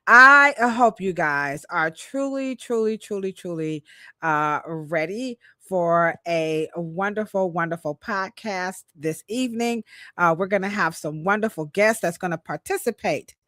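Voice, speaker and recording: A woman's voice: fairly low pitch, unhurried, bright, forceful tone, dry recording, studio quality. A woman from Cleveland co-hosting a podcast in a playful, joking, hyped-up way, speaking. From Cleveland, Ohio. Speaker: podcast co-host. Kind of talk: lively casual podcast chat.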